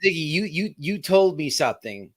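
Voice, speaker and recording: Very animated at a normal speed, a male streamer curses and rants through his heated commentary. He veers from loud outbursts to muttering under his breath.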